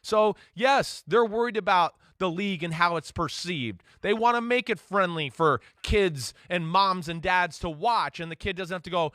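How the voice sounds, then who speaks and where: A man's voice: high-pitched, moderate pace, few pauses, sharp tone, soft background music. A man co-hosting a sports talk show, talking in a conversational, earnest way with lots of fillers. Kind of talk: casual studio sports talk.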